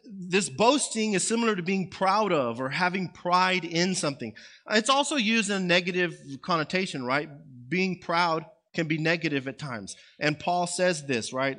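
Pastor, male, slightly high voice, informal sermon, keeps asking the congregation "right?" and "okay?". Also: normal speed, sharp tone. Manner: conversational, frequent "right?" and "okay?" check-ins.

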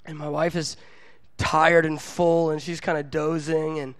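Animated, self-mocking male preacher. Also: on the high side, a little slow, clean tone, dry recording. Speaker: pastor. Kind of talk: storytelling sermon.

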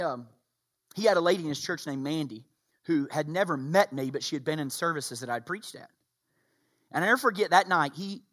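A middle-aged man, preaching a sermon, swinging between quiet storytelling and loud, shouted passages. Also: a little high. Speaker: pastor.

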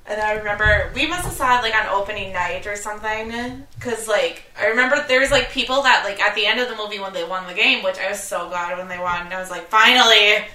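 A woman's voice: mid-range voice, pushed and bright. A woman co-hosting a casual chat about movies, talking in a chatty way full of "like" fillers. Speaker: podcast co-host. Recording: echoey room.

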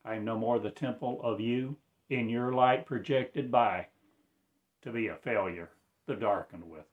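Man, prophetic rambling monologue, unhurried chant-like delivery, mid-pitched voice. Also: phone-quality sound. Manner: slow, incantatory delivery with sudden loud proclamations.

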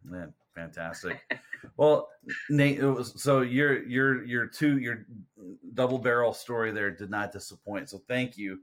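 A man's voice: medium pitch, unhurried, a bit bright. Man, podcast host, friendly, enthusiastic, casual chat.

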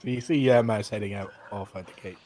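Low-voiced guy running a tabletop game, rambles, lots of ums. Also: fairly even intonation, fast, darkish tone, slight background noise. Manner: rambling, filler-heavy. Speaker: game master.

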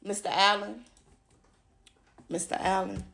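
A woman hosts a podcast in an angry, swearing rant. She repeats her insults and mocks the people she is talking about. Her voice sits at an average pitch for a woman. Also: lively intonation, moderate pace, a bit bright. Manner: profane, mocking, repeats insults. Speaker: podcast host. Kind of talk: angry ranting monologue.

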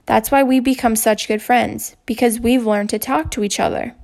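A woman voicing a gentle, patient female school counselor who speaks softly and reassuringly. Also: on the high side, fairly even intonation, normal speed, creaky. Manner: soft, reassuring.

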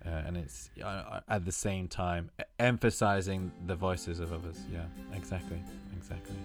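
A man hosting a casual chat over a video call, speaking haltingly and repeating words. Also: deep voice, steady tone, over music. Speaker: podcast host.

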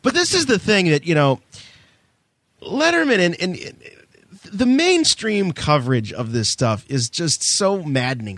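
A man co-hosting a podcast, joking and needling in an animated way. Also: on the high side, unhurried, dry recording. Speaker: podcast co-host. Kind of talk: casual podcast discussion.

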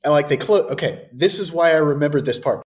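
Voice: mid-range voice, expressive, fast, a little mellow. A podcast co-host recapping a horror movie in casual, sarcastic chat and swearing freely.

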